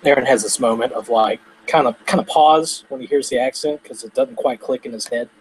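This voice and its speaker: A man's voice: medium pitch, fairly quick, slight background noise, rough recording. A man playing a tabletop game, casually describing what his character does. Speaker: player.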